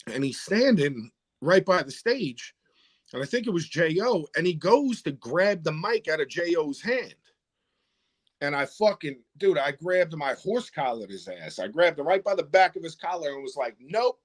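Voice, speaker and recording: A man's voice: a little high, normal speed, no room sound. A man telling a bar story in casual chat, swearing often and acting out the other people's lines. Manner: animated, swears often, acts out quotes. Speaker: rapper guest.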